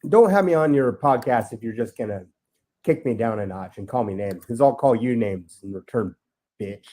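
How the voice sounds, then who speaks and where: A man's voice: mid-range voice, lively intonation, normal speed, mellow. A man talking as a podcast guest, rambling and aggrieved, swearing freely. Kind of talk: ranting podcast talk.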